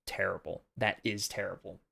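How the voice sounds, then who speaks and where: Young male commentary host: gravelly, lowish voice, earnest and preachy, rambles. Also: fairly even intonation, normal speed, sharp tone. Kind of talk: casual commentary monologue.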